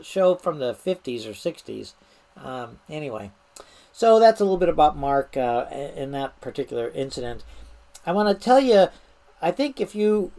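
A woman's voice: deep voice, darkish tone. A middle-aged woman, a veteran of the fire service, casually telling a prank story, amused and laughing as she goes, with frequent restarts. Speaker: retired fire service manager telling stories.

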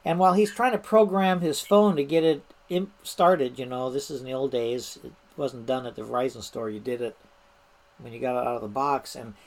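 A middle-aged woman, a retired fire service manager, tells old stories from her career in a loose, chatty manner. Her voice is very deep and a little fast. She sounds lively and amused, laughing as she goes and often restarting her sentences.

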